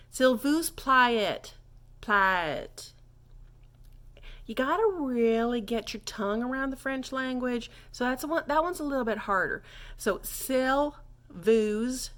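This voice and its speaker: A woman doing a prim, slow-drawling lady. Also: fairly high pitch, close to an everyday voice. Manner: drawls and over-enunciates phrases slowly; genteel, folksy politeness. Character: prim, chatty lady teaching mangled French phrases. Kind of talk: comic character monologue.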